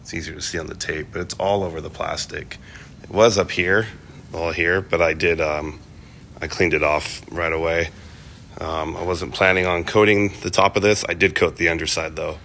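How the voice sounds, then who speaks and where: Man, deep voice, easygoing DIY car vlogger in his garage, chatty and rambling, faint hum behind. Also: steady tone, normal speed, vocal fry, a bit bright. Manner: rambling, plain-spoken, lots of fillers and restarts. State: coughing, clearing his throat. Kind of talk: casual talk to camera.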